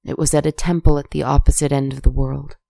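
A calm storybook narrator with a measured, soft delivery. The voice has a creaky, gravelly texture and stays fairly level in pitch. It is recorded close and dry. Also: dry recording. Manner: calm, measured, softly spoken.

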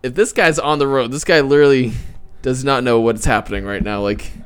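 This young man hosts a loose podcast with his friends. He rambles through everyday stories, laughs often and lets his voice rise when he gets worked up. His pitch sits in the middle of the range for a man. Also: brisk, a bit bright, clean tone. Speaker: podcast host. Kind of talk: casual podcast chat.

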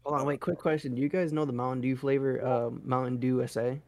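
A man in a casual podcast chat, crude and excitable as he swaps soda stories. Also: mid-range voice, fast, dry recording.

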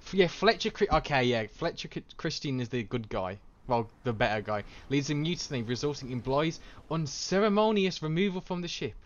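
A man's voice: on the high side, animated, brisk, hardly any pauses. Male podcast co-host, casual and stumbling, slightly muffled audio. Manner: stumbling, joking. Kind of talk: casual chat.

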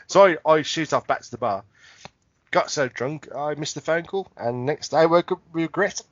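A man with a high, very lively voice tells a story over casual chat, putting on voices and laughing as he goes. He swears freely and talks like he is among old friends. The sound is dry and a little dull, like a home podcast mic. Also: brisk, no room sound. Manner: animated, acts out voices, laughs a lot, swears. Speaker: podcast co-host.

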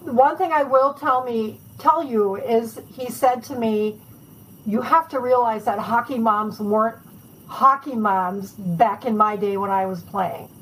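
A woman author is the interview guest, a bit high in pitch. She tells her stories in a chatty, animated way with easy laughs. There is a faint hiss behind her. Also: unhurried, poor audio. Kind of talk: casual storytelling interview.

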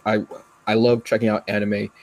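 A man's voice: fairly low pitch, little pitch movement, moderate pace, darkish tone, dry recording. A man hosting a podcast, chatting casually and emotionally, rambling with many restarts and fillers. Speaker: podcast host. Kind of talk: casual chat.

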